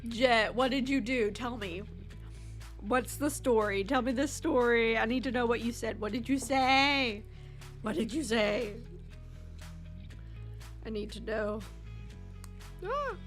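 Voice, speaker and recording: Young woman, streamer, casual story reading, higher voice, slow delivery, laid-back, swears, snacking. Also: fairly even intonation, soft background music. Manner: laid-back, swears freely, chats with viewers between stories; eating snacks while talking. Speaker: streamer reading online stories. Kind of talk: casual reading and chatting with chat.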